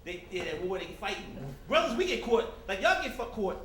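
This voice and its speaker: A man doing a stand-up comedy set, animated, talking straight to the crowd and slipping into loud character voices. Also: high voice, fairly quick, echoey room. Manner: talks directly to the crowd. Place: comedy club stage.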